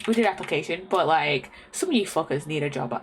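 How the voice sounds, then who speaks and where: A woman's voice: low-pitched, lively intonation, fast, a little hiss or hum. A young woman streaming a word-guessing game, swearing constantly and thinking aloud as she tries out guesses. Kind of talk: casual game commentary. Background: faint lo-fi music.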